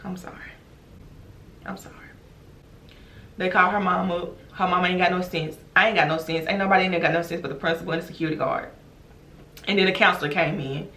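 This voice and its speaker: A woman, a former teacher, telling a storytime vlog in an animated, emphatic way, speaking straight to her viewers. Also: fairly low pitch, fast, roomy sound. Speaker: teacher and vlogger.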